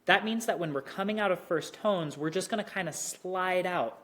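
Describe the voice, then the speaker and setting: A teacher with a medium-pitched, slightly bright voice leads an online Mandarin tones lesson. Speech is slow and deliberate, with tones exaggerated for demonstration.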